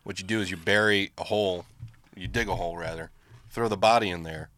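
A young man joking as a podcast guest, laughing often, with deadpan dark humor. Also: deep voice, fairly quick. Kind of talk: casual chat.

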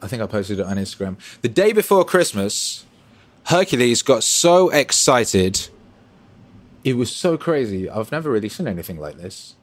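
A man hosting a casual livestream and reading chat aloud. He swears freely and swings between loud bursts and low mumbles. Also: big pitch swings, moderate pace.

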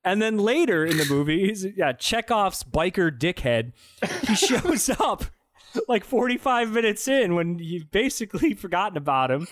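A man's voice: high-pitched, normal speed, no room sound, studio quality. A man co-hosting a casual movie-review podcast, joking and acting out lines from the film. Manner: animated, mocking, acts out movie lines. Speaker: podcast co-host.

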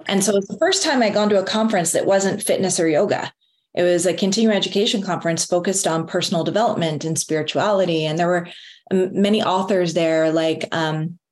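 A middle-aged woman telling a personal story in an earnest, motivational way, with lively emphasis. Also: on the low side. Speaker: wellness speaker. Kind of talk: motivational talk.

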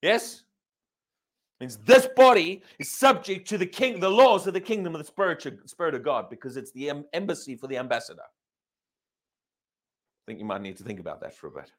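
A man's voice: a little fast, long pauses. A man preaching a sermon, reading scripture aloud and putting emphatic questions to his listeners. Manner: emphatic, asks the congregation questions; lively, swinging pitch. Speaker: pastor.

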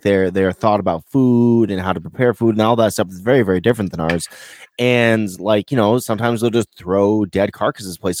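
Low-voiced rambling American man. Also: a little mellow, no room sound, studio quality. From United States. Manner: rambling, heavy on "like" and swearing. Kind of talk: casual chat.

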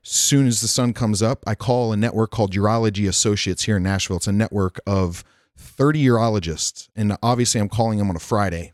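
A man's voice: fairly low pitch, brisk, no room sound, studio quality. A man telling a candid personal story in casual podcast chat, frank and rambling, swearing freely. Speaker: podcast guest. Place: Nashville.

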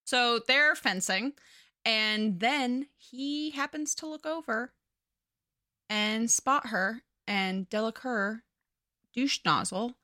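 Woman co-host, casual chat, swears freely, bright tone, dry close sound. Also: on the high side, takes it slowly, dry recording. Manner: chatty, profane, animated storyteller. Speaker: podcast co-host. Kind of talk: casual chat recapping a book.

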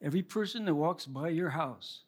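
A man preaching a sermon as pastor, emphatic, asking rhetorical questions and swinging between loud appeals and quiet asides. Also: on the high side, animated, normal speed, slightly rough.

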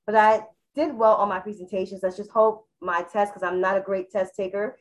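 A woman's voice: medium pitch, steady tone, brisk, poor audio. A woman co-hosting a casual podcast chat, talking emphatically with churchy turns of phrase. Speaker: podcast co-host.

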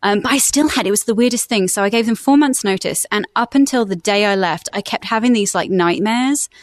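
A woman's voice: mid-range voice, brisk, no echo, clean studio sound. A woman who works as a voice-over artist, chatting upbeat and laughing often in a podcast interview. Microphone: studio microphone.

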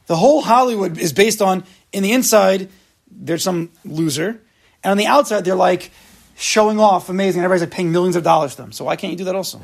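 Gravelly-voiced man teaching a lively class. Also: sits high, fast talker. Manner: lively, acts out quotes, talks to the class. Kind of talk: informal religious lesson.

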